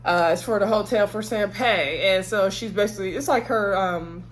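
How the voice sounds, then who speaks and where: A woman's voice: medium pitch, normal speed, slight background noise. Chatty woman recapping a TV episode. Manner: chatty, with sassy exclamations and asides. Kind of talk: casual recap chat.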